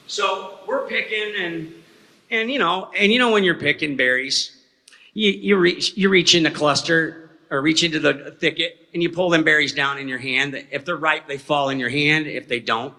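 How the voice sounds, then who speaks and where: A man with a slightly high voice speaks in a bright, forceful tone, with a little hiss or hum underneath. He's an eyewitness addressing a hall audience, rambling folksily through his story and frequently saying "okay?". Hall reverb colors the recording.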